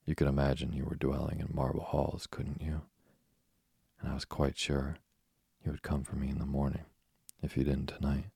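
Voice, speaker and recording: A man reading aloud as a talkative, imaginative young orphan girl, in his own very deep voice. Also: monotone, moderate pace, gravelly, dark tone, slightly rough, dry recording, studio quality, exaggerated voice. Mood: eager. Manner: breathless eager chatter. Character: chatty imaginative orphan girl, about eleven.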